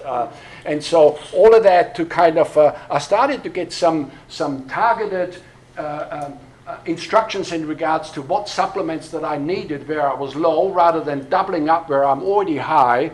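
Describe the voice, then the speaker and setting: A man's voice: on the high side, normal speed, low-quality recording. Rambling older man in his sixties. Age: 60s. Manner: rambling personal storytelling with many fillers. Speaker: pastor. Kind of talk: workshop talk to a church audience.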